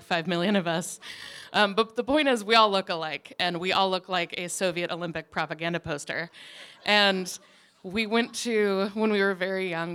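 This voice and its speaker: A woman's voice: fairly low pitch, a bit bright, smooth. A woman hosting a live reading, chatting casually with lots of fillers before introducing the next poet. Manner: chatty, self-deprecating, lots of "um" and "like". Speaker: host of the reading series.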